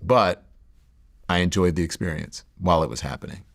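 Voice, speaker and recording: Low gravelly man telling his story. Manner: reflective, halting, many fillers and restarts. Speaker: interview guest. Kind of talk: candid personal storytelling.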